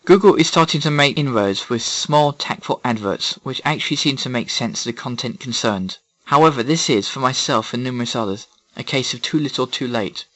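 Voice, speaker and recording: A man's voice: medium pitch, fairly quick, few pauses, fairly bright tone, dull audio. A man reading a scripted opinion monologue in a sarcastic, ranting manner.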